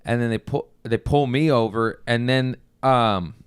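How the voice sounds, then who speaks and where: Smooth-voiced man telling loose stories. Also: mid-range voice, measured pace, no room sound, clean studio sound. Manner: loose, rambling storytelling with laughs and restarts. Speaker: podcast host. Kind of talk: casual chat.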